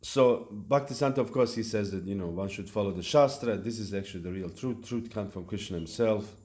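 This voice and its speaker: A man giving a devotional lecture at a temple, speaking in a halting way with fillers and restarts. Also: on the low side, darkish tone. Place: temple hall.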